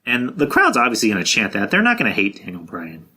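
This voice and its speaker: Guy doing a casual podcast rant, swears a lot, bright punchy voice. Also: lowish voice, wildly swooping pitch, quick pace, husky. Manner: blunt and profane, with frequent restarts. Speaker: podcast host. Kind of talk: casual wrestling predictions monologue.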